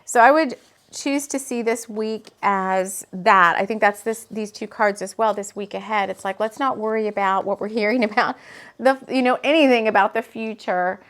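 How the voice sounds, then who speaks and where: A woman's voice: mid-range voice, moderate pace, fairly bright tone. A woman channeling spiritual messages and reading tarot cards to the camera in an earnest, meandering way that turns emotional, speaking from her home. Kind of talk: casual spiritual video talk. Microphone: camera mic.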